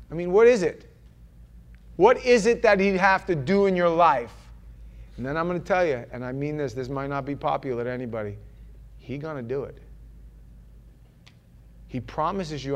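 A man preaching a sermon in a loose, conversational way, rambling with restarts and often dropping to a quiet murmur. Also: fairly high pitch, moderate pace, long pauses.

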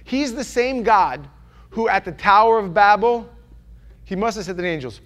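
A male preacher from New York with a fairly high voice, delivering a sermon. He is animated and playful, acting out voices and jokes as he goes. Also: normal speed.

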